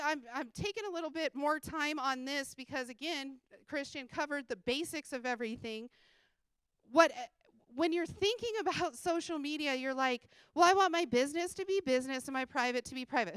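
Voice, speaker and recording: High-voiced blunt woman coaching from a stage. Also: a bit bright, no room sound. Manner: blunt, casual, swears freely, laughs often. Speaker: conference speaker and sales coach. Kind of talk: energetic motivational conference talk. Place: conference stage before a live audience.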